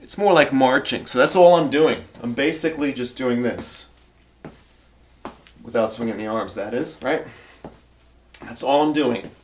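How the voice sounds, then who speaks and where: A man's voice: medium pitch, unhurried, pauses often, slight background noise. A male fitness trainer demonstrating exercises, encouraging beginners and counting reps aloud while getting out of breath.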